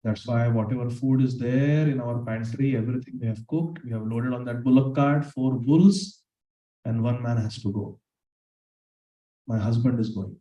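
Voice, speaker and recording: A man's voice: normal speed, mellow, echoey room, distant mic, muffled recording, natural voice. Man as a grieving village mother. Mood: sorrowful. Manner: sorrowful, low-key.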